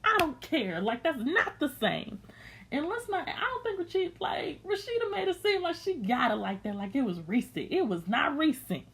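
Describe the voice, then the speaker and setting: A woman's voice: high-pitched, very animated, normal speed, fairly bright tone. A young woman recapping a reality show in blunt, slangy, sassy chat, unscripted.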